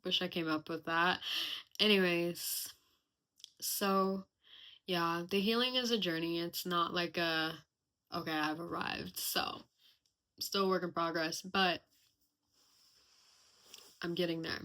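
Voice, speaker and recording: A woman's voice: fairly low pitch, fairly even intonation, slow pace, pauses often, sharp tone. A young woman hosting a casual personal podcast, talking candidly and reflectively with lots of chatty fillers. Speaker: podcast host.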